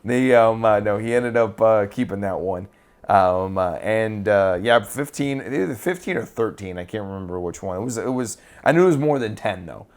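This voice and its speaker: A man with a fairly low voice, co-hosting a casual podcast. He rambles through his stories with plenty of "um"s and restarts. He swears freely and keeps a loose, offhand tone. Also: expressive, normal speed. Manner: rambling, with frequent fillers and restarts. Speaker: podcast co-host.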